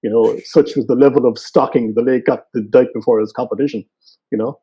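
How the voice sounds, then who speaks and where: A man with a West Cork Irish accent, a photographer and guest, telling stories in relaxed casual chat with lots of fillers. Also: mid-range voice, brisk, slightly rough. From Ireland. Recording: dull lo-fi sound.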